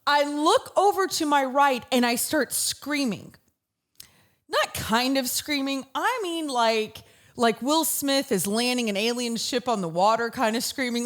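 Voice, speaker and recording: A woman, hosting a talk show and telling comedic stories in an animated way. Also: on the high side, moderate pace. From Southern United States. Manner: animated storyteller, bursts into shouts. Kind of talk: comedic monologue.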